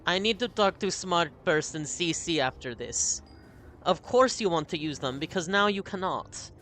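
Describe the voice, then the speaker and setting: A man playing a deadpan, gloomy version of himself with a mock Russian voice and broken grammar, on a live game stream. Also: on the high side, normal speed, slight background noise.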